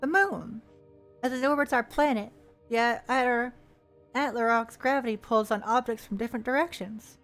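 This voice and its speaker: A playful woman streamer talks over a game, reading its text aloud and tossing in jokes between lines. Her voice sits a little high. Soft game music plays faintly behind her. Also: moderate pace. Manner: playful, chatty, reads text aloud with asides.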